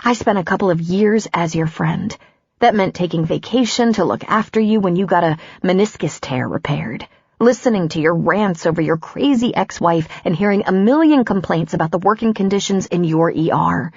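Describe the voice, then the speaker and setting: Woman narrator voicing a wounded woman doctor, pleading and bitter, husky and lower-pitched. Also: lively intonation, moderate pace, darkish tone, no echo, lo-fi sound. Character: hurt angry woman doctor ending a relationship.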